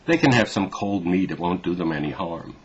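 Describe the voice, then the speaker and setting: Fussy, protective household cook, brisk, read by a deep-voiced man; dull recording. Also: animated.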